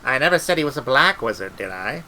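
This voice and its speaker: A man's voice: mid-range voice, big pitch swings, quick pace, sharp tone, slight background noise. A man doing a tart old witch woman. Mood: sour. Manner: tart, brusque, scolding. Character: stern sharp-tongued old village witch woman. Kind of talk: storybook reading.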